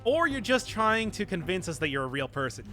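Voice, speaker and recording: Lively high-voiced young male gamer. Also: fairly quick, faint music behind. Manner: animated and self-mocking, reads chat aloud. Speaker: gaming streamer. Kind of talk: casual live-stream commentary.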